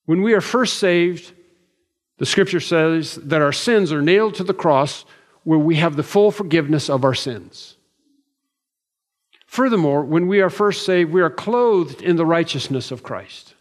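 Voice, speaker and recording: A pastor preaching a sermon with measured, emphatic delivery and slow deliberate stresses. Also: male voice, on the high side. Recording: long hall reverb.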